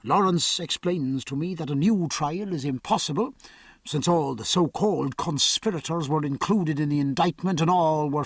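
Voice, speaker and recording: A grave, earnest gentleman who weighs his words, read by a male audiobook narrator. The husky voice moves in lively pitch turns over a dry, close sound. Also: dry recording. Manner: grave, measured. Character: earnest, thoughtful man. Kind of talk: audiobook character voice.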